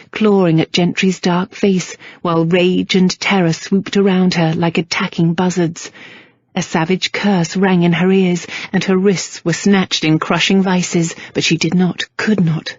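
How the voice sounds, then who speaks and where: Husky lady reading an audiobook, even and steady, dry slightly dull sound. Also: on the low side, no room sound. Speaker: audiobook narrator. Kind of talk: scripted narration.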